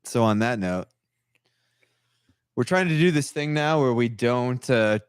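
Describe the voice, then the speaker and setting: A man co-hosting a casual live-streamed podcast, chatting in a lively way and acting out other people in his stories. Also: mid-range voice, a little slow, clean tone, no room sound, clean studio sound. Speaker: podcast co-host.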